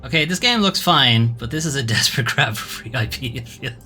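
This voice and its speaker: A male streamer plays a game demo and tosses off sarcastic, wry asides. His voice is bright, and his pitch moves a lot. Faint music plays underneath. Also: lively intonation, a little fast. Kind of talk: casual gameplay commentary.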